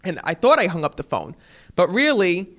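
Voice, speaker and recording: A man telling stories as a guest in an interview, animated and acting out the people he quotes. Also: high voice, normal speed. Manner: animated, acts out quotes in voices. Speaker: guest, TV psychic. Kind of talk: casual storytelling in an interview.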